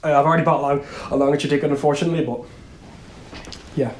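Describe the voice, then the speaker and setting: A man's voice: fairly high pitch, fast, roomy sound. A young man co-hosting a podcast, telling a story in casual chat and acting out what others said. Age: young adult. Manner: animated storyteller, acts out quotes. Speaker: podcast co-host.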